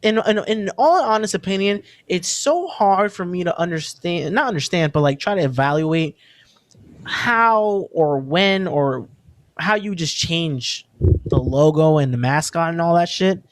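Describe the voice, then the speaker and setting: A man's voice: on the high side, moderate pace, no echo. A man in his twenties co-hosting a podcast in casual chat, rambling loosely, swearing freely and laughing often. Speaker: podcast co-host.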